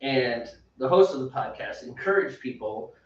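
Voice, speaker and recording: A man co-hosting a casual homebrewing podcast, an animated storyteller who laughs and mimics voices. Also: medium pitch, normal speed, a little hiss or hum. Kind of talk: casual banter. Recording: echoey room, distant mic, dull lo-fi sound.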